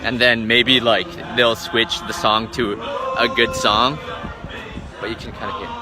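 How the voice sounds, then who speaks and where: A man's voice: mid-range voice, level tone, a little slow. A man vlogging live outdoors among boats, answering viewer questions in a rambling, casual way full of filler words. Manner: rambling, filler-heavy, lots of "um" and "like". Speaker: travel vlogger. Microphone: phone held for a live stream. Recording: noisy outdoor background.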